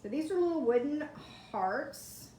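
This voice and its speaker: A woman's voice: high voice, animated, measured pace, warm tone, slight background noise. A woman chatting through a live craft demonstration, greeting viewers by name from her home kitchen. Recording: echoey kitchen, faint ambience.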